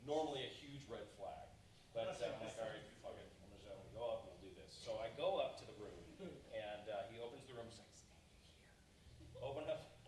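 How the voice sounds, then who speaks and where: A man voice actor telling a funny story on a convention panel, animated and quick with asides. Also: fairly low pitch. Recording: very echoey room, far from mic, noisy.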